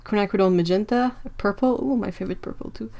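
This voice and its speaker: A woman hosting a live-streamed art supply unboxing, excitable and chatty, talking to her viewers as she goes. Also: medium pitch, fast talker, vocal fry. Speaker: art channel host.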